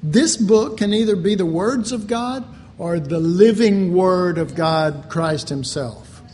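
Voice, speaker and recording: A man preaching a sermon, slow and deliberate, with animated asides. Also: sits high, slight background noise. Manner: slow, deliberate delivery with animated mock voices and laughter.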